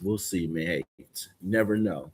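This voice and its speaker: A man's voice: low-pitched, normal speed, a little mellow, breathy edge. A man hosting a podcast in a loose, encouraging way, often calling his guest man or bro. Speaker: podcast host. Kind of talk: casual conversation.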